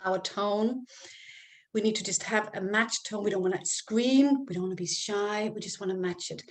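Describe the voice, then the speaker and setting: A woman giving calm, step-by-step parenting advice as a coach, sometimes acting out what to say to a child. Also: medium pitch, normal speed. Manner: calm, explains step by step and acts out example phrases to a child.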